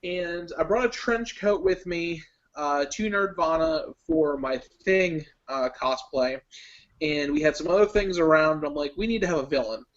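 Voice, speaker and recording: A young man, a guest on an online chat show, telling a story in a casual, animated way. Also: on the high side, unhurried. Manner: animated storyteller, breaks into laughs. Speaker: guest contestant. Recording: dull lo-fi web stream audio.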